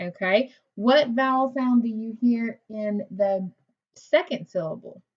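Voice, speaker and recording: A woman teacher leading a phonics lesson for young children. She talks slowly and patiently, sounding out words and praising each answer. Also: on the high side. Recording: dull lo-fi recording.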